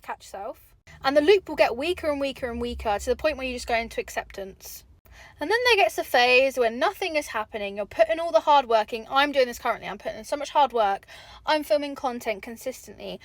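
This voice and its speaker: High-voiced chatty young woman vlogger. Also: dry recording. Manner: candid, chatty, swears casually. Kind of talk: motivational talk to camera.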